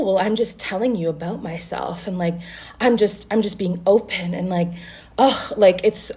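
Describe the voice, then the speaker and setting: Animated young woman telling a story. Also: medium pitch. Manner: animated, profane, acts out both sides of the conversation. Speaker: vlogger telling a dating story. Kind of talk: casual storytelling to camera.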